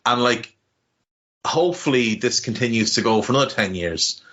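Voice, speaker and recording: Irish man from Navan, bright voice. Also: medium pitch, lively intonation, normal speed, lo-fi sound. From Ireland. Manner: rambling and heartfelt, many restarts, casual swearing. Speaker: podcast co-host. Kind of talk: casual podcast chat.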